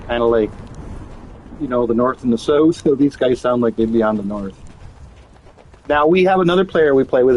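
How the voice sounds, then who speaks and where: A man's voice: medium pitch, darkish tone, rough recording. A man chatting casually while gaming, telling rambling, profane stories full of restarts. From Canada. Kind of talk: casual chat.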